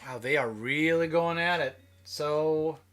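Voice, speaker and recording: A man from Minnesota talks through a live stream in loose, casual commentary, often trailing off and circling back mid-thought. His voice sits a little higher than most men's. Quiet music plays faintly in the background. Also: slow pace, smooth. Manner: rambling, self-interrupting, chatty.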